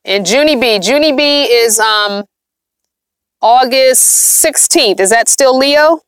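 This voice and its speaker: A woman's voice: on the high side, slow pace, fairly bright tone, clear, resonant tone, dry recording, clean studio sound. A middle-aged woman, chatting on a livestream with viewers, tired and yawning, emphatic and repetitive. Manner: chatty, emphatic, repeats herself. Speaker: vlogger hosting a livestream. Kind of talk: casual livestream chat with viewers.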